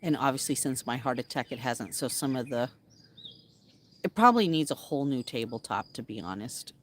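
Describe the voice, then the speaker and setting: A woman with a low, rugged voice chats casually with her viewers outdoors in her backyard, breaking into a playful singsong to call to the animals. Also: expressive, fairly quick, slight background noise. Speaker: vlogger. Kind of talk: casual live chat with viewers.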